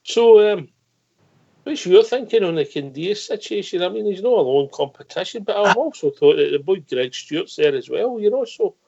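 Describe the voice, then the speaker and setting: A man's voice: high-pitched, animated, moderate pace, creaky, dark tone. A man co-hosting a fan call-in radio show, joking and laughing often. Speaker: radio co-host. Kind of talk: casual chat. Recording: noisy lo-fi audio.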